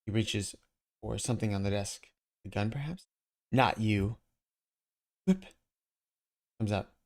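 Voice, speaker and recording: A man's voice: lowish voice, expressive, normal speed, a little mellow. A man casually narrating a comic aloud, describing the action panel by panel. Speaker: comic reader. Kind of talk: casual comic read-along.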